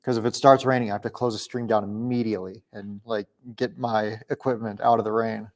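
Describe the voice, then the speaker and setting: A young man from Minnesota hosting a casual livestream Q&A, chatty and quick to laugh. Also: lowish voice, steady tone, a little mellow. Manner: chatty, laughs often, restarts sentences. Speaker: livestream host. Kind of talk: casual live Q&A. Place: home, indoors.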